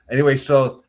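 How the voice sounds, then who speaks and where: A man co-hosting a morning talk show, telling stories and giving opinions in a casual, animated way. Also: medium pitch, a little hiss or hum. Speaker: co-host. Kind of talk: casual chat.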